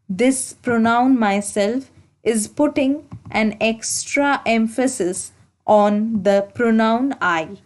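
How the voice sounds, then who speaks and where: Slow, higher-voiced woman teaching grammar. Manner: slow, deliberate explaining with repetition and self-corrections. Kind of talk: exam-prep grammar lesson.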